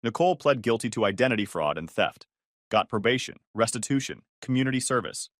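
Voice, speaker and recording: A male narrator reads a first-person family drama in terse, clipped sentences. His pitch moves a lot from line to line, and the recording is dry and close, with no room sound. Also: lively intonation, brisk, fairly bright tone, dry recording.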